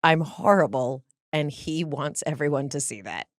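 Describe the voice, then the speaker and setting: A woman's voice: low-pitched, animated, moderate pace, no echo, studio quality. A woman hosting a podcast, running a playful banter game, teasing and self-mocking and laughing often. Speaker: podcast host.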